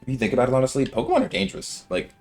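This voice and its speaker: A man's voice: medium pitch, huge pitch swings, racing, faint music behind. A man in his twenties giving rambling, slangy commentary while playing a video game. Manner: rambling, filler-heavy, slangy. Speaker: let's-play gamer. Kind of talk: casual gameplay commentary.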